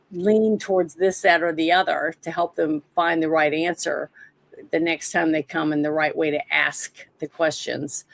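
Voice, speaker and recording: Woman livestream host, low gravelly voice, dry throat, halting with fillers, casual commentary. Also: dry recording. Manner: halting, many fillers and restarts.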